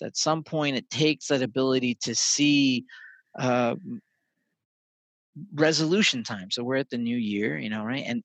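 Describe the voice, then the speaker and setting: A man chatting on a podcast, animated, telling stories that carry life advice. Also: medium pitch, no echo, poor audio. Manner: animated storyteller, swears casually. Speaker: podcast guest. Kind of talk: casual conversation.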